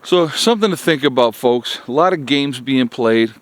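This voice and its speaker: A man's voice: medium pitch, animated, normal speed, no echo. A man giving a blunt, exasperated political rant to his viewers, repeating his points and calling them "folks". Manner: exasperated, repetitive, keeps addressing "folks". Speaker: political commentary vlogger.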